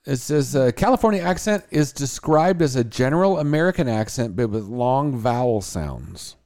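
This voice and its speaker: A man's voice: medium pitch, lively intonation, normal speed, a little mellow. A man co-hosting a casual morning talk show, reading out survey results and joking between items. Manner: reads survey results aloud with jokes. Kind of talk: casual chat.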